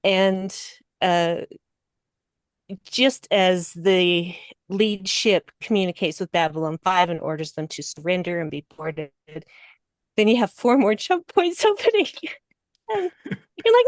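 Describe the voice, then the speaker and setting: Woman podcast guest, slow and emotional, laughs a lot, dry close mic. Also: no room sound. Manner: emotional, laughs often, voice rising high when excited. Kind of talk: casual podcast discussion.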